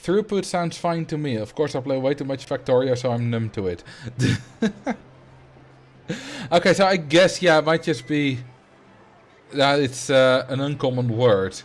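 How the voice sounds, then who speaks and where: A man's voice: mid-range voice, measured pace, pauses often. A man with a Dutch accent whose first language is Dutch, chatting casually on a game livestream and replying to chat, laughing easily and often restarting his sentences. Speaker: game streamer.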